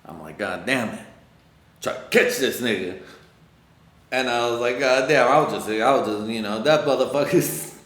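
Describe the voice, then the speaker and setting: A man hosting a podcast, rambling through a casual, profane solo monologue that swings from loud excitement to low muttering. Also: moderate pace, reverberant. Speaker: podcast host.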